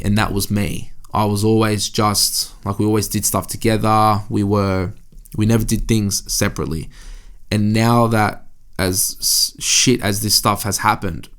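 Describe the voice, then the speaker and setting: A young man hosting a solo podcast, talking candidly in a rambling way and swearing often. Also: lowish voice. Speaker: podcast host. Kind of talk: casual solo podcast monologue. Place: indoor room.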